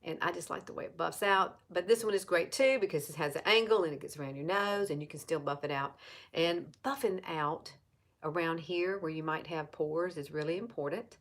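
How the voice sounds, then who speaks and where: A woman's voice: low voice, a little fast, a bit bright. A woman in her fifties with an Alabama Southern accent gives a chatty, casual makeup tutorial, often repeating herself and talking straight to viewers. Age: 50s. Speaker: makeup seller and vlogger.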